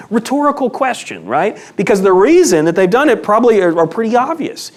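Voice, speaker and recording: Male Bible teacher, slightly high voice, animated and emphatic delivery, casual teaching tone. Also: fairly quick. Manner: conversational, emphatic, asks rhetorical questions.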